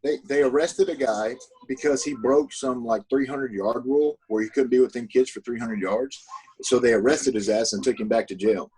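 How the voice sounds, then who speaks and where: A man's voice: medium pitch, normal speed, a little mellow, husky, rough recording. A man, a podcast guest, talking in loose, profane casual chat.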